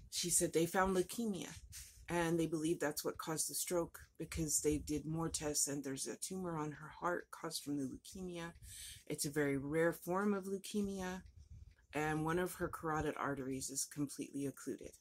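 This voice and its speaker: A woman's voice: low voice, fairly even intonation, normal speed. A woman telling a personal story in a rambling, emotional way, her voice breaking at times. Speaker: vlogger.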